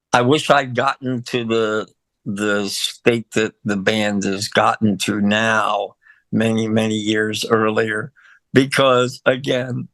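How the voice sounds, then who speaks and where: A man's voice: fairly low pitch, vocal fry, a bit bright, no room sound. An older man, a musician guest in a casual interview, talking in a rambling, emotional way with lots of fillers and laughs.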